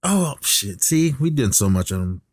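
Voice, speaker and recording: A man's voice: medium pitch, sing-song, measured pace, a little mellow, no room sound. A man co-hosting a podcast, recapping a movie in a casual, rambling way with lots of fillers and restarts, coughing now and then. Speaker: podcast co-host.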